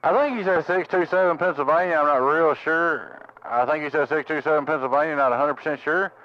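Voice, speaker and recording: A man's voice: fairly high pitch, brisk. A man working a CB radio, repeating his call sign with folksy sign-offs. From Tennessee. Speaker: CB radio operator. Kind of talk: CB radio skip talk. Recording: muffled lo-fi radio audio.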